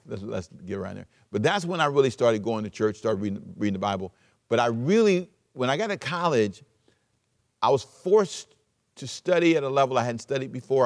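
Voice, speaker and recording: A man preaching a sermon as pastor, emphatic, switching between loud urging and quiet asides. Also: mid-range voice.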